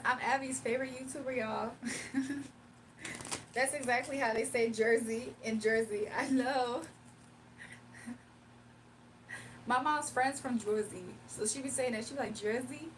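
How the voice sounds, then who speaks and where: In a relaxed livestream, a woman doing readings speaks directly to her audience and reads their chat aloud. Her voice is high, she's chatty and laughs often, and the recording picks up faint room noise since she's a little far from the mic.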